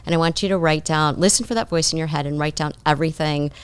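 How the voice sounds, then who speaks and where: A woman's voice: low voice, quick pace, clear, resonant tone. A woman psychotherapist guest giving thoughtful conversational advice, explaining her points through stories about clients.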